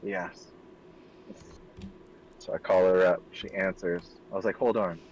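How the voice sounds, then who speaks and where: A man in his thirties with a very deep voice, rambling through a story while he plays a game. He laughs easily and keeps the talk loose, with a faint hiss under the recording. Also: completely flat delivery, a little slow, highs cut off. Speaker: streamer. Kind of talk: casual chat over gameplay.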